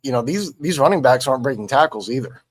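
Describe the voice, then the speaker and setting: A man analyzes football in casual sports talk, halting with many restarts and fillers. His mid-range voice is animated, and there's no room sound.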